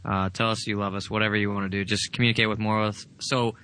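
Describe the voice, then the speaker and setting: A man's voice: fairly low pitch, flat delivery, fast, pushed and bright. A man co-hosting a casual podcast, talking directly to listeners to encourage feedback. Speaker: podcast co-host.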